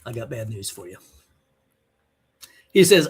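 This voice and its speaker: A man's voice: medium pitch, very animated, a little slow, husky. A man giving an online teaching sermon, emphatic, blunt and scolding as he presses his point. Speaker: Bible teacher.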